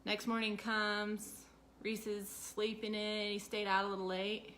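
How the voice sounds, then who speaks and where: A woman co-hosting a casual talk, playing out an imagined scene and slowing to narrate it. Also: mid-range voice, level tone, a bit bright, a little hiss or hum. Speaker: podcast co-host. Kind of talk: casual chat.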